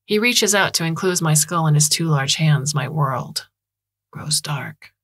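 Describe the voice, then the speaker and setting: A woman reading a science fiction story aloud as podcast narrator, in a measured, even manner. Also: deep voice, breathy edge, dry recording, clean studio sound. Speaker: audiobook narrator.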